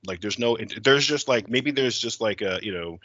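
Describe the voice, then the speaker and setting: A man brainstorming a horror story in casual chat, animated, laughing and swearing often. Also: fairly low pitch, normal speed, no room sound. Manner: animated, laughing, heavy cursing. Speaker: horror filmmaker. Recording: dull lo-fi sound.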